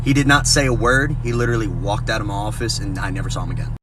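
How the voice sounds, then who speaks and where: A man's voice: lowish voice, quick pace, noisy background. A man, an army veteran, telling a sarcastic storytime and acting out the dialogue. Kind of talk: comedic storytime monologue.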